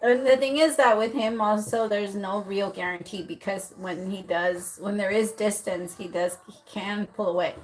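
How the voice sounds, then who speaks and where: A woman's voice: mid-range voice, normal speed, few pauses, low-quality recording. Chatty woman giving a live tarot reading. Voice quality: lively, voices the client's partner with swearing. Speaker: tarot reader.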